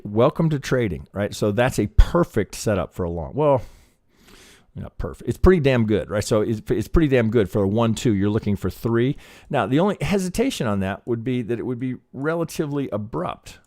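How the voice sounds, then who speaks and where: Teaching trading live, a man analyzes a chart in a rambling, profane way, restarting often as he thinks aloud. His animated, mid-range voice is a little fast and a little mellow, recorded in clean studio sound with no room noise.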